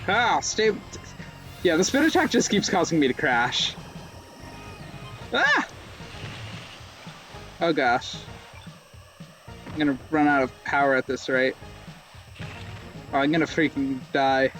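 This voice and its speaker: A young male streamer talks through a racing game in a slightly high voice. He rambles, mocks himself and lets out sudden yelps, with faint game music in the background. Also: expressive, a little slow, long pauses, a bit bright. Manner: rambling, self-mocking jokes, sudden yelps. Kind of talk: live gameplay commentary.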